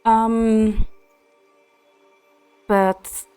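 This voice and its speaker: A woman's voice: on the high side, level tone, drawn-out words, clear, resonant tone. A woman from central Portugal with a Portuguese accent, a native Portuguese speaker chatting casually in English as a streamer, explaining with many restarts and fillers. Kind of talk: casual chat while gaming. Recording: soft background music.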